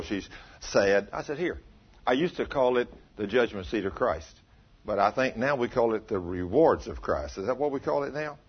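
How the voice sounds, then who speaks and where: A husky-voiced man preaches a folksy, storytelling sermon. His delivery swings from low and quiet to loud, emphatic peaks. The recording is dull and lo-fi.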